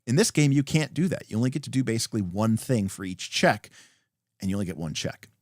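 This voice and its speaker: Guy explaining rpg rules on a stream, super animated voice all over the place, dry sound. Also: medium pitch, quick pace, dry recording. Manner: animated, acts out example dialogue, many fillers. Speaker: host explaining game rules. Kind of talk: casual rules explanation on a livestream.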